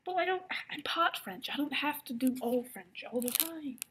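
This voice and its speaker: A young woman playing an excitable female musketeer in an improvised online game role-play, shrieking one moment and whispering the next. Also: high voice, moderate pace, a little hiss or hum. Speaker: player voicing a musketeer in an online animal game.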